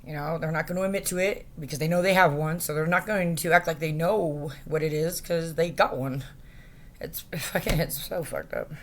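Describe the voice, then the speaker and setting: A woman speaking into a phone camera in a rambling, distressed rant, halting and profane, with many fillers. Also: lowish voice, a bit bright. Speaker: vlogger.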